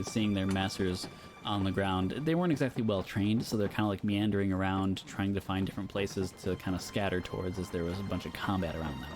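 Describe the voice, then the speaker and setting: A man with a fairly low voice runs a tabletop game as dungeon master, narrating hits and deaths in a relaxed, chatty way. He laughs easily between rolls while music plays clearly behind him. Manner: laid-back, laughing, descriptive narration.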